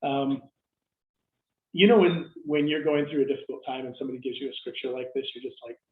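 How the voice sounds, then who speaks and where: A man's voice: mid-range voice, fast. A middle-aged man preaching a sermon in a conversational way, stopping himself mid-sentence and acting out people's reactions. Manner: conversational, self-interrupting, acts out quoted reactions. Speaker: pastor. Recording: echoey room over a tinny phone-like line.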